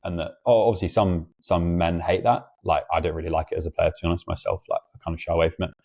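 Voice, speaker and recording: A young man hosting an interview, chatty and quick with lots of casual fillers. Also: low voice, steady tone, darkish tone. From England. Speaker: podcast host.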